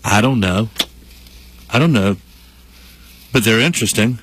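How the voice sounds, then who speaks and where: A man's voice: fairly low pitch, lively intonation, unhurried, a bit bright. A man co-hosting a local morning radio show, chatting casually and upbeat, often trailing off mid-sentence. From Western North Carolina. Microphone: studio microphone. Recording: dry close studio sound.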